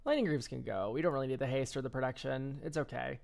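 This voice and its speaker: A man's voice: medium pitch, quick pace, vocal fry, darkish tone. A man streaming a casual card-game deck review, rambling and offhand, swearing and laughing easily.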